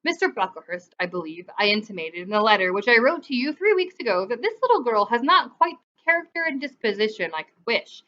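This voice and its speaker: A woman's voice: a little high, very animated, a little fast, few pauses, pushed and bright, lo-fi sound. A woman voicing a cold, haughty middle-aged aunt who speaks with disapproval.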